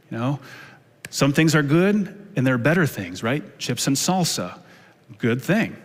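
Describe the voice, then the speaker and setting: A man's voice: fairly high pitch, animated, a little slow. A middle-aged male pastor preaching a sermon in a conversational, storytelling way with many fillers. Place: church sanctuary. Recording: long church hall reverb.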